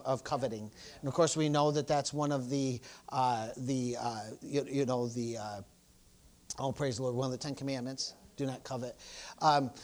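Male preacher, fairly high voice, sermon, frequent praise-the-lords, loud bursts and soft asides. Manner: peppers speech with "praise the Lord" and "amen". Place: church service.

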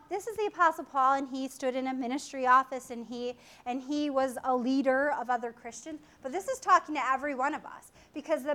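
A woman preaching a sermon in an animated way, acting out voices and laughing often. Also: sits high.

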